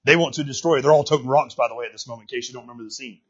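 A male pastor preaching a sermon in a folksy, emphatic way that swells to shouts. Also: medium pitch, steady tone, very fast, breathy edge, lo-fi sound.

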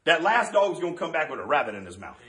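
A preacher puts on a folksy old grandfather with a drawl. He speaks calmly and knowingly. The voice sits fairly high for a man. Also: fast talker. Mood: emphatic.

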